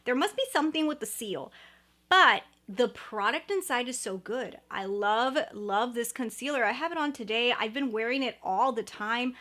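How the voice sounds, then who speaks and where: Chatty, higher-voiced woman vlogger. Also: normal speed, sharp tone. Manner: chatty and enthusiastic, repeats words for emphasis. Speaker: beauty vlogger. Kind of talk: casual product review to camera.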